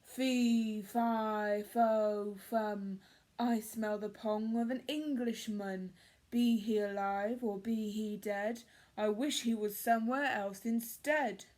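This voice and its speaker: A woman voicing a loud, booming male giant in a children's story, chanting his lines. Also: unhurried, hardly any pauses. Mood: roaring.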